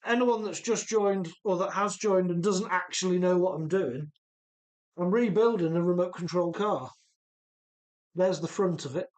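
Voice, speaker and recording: A man's voice: high-pitched, moderate pace. Man, Midlands-Welsh accent, live-stream host, chatty, reads comments aloud. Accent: mix of English Midlands and Welsh. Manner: chatty, reads viewer comments aloud while rebuilding an RC car. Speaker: livestream host. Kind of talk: casual live-stream chat.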